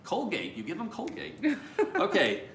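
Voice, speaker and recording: A man's voice: high-pitched, huge pitch swings, moderate pace, a bit bright, roomy sound, a little hiss or hum. A man hosting a family video, reading dad jokes aloud and laughing at his own punchlines. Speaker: YouTube host reading viewer dad jokes. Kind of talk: casual family vlog.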